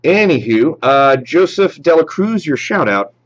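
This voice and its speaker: A man hosting a live show, chatting casually and reading out viewer shout-outs. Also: on the high side, big pitch swings, unhurried, muffled recording. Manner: reads viewer names and approves shout-outs, chatty with fillers. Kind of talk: casual live stream chat.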